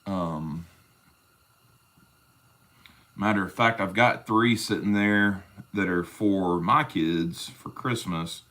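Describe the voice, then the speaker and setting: Low-voiced folksy man. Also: takes it slowly, pushed and bright. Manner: rambling, folksy, greets viewers as brother. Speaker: leatherworking livestream host. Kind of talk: casual livestream chat while crafting.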